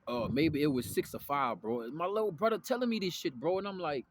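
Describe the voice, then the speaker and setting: A man's voice: a little high, lively intonation, fairly quick, slight background noise. Profane, slangy man ranting about faith. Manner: profane street slang, constant "you know what I'm saying". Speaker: spiritual vlogger. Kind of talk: casual spiritual rant to camera.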